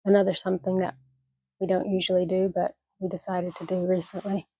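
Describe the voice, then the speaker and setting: Chatting into a phone camera outdoors on her mountain homestead, a retired woman in her sixties rambles in a folksy casual vlog, her voice a little scratchy from allergies. It sits lowish and dark with a breathy edge and little pitch movement, and she talks a bit fast. The audio has no echo but the highs are cut off.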